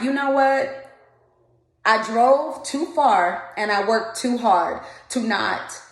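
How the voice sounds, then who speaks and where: A woman's voice: mid-range voice, echoey room, low-quality recording. A woman vlogger telling an indignant storytime rant to camera, acting out the people in her story. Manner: indignant, retells dialogue in quoted voices. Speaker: vlogger, mobile candle vendor.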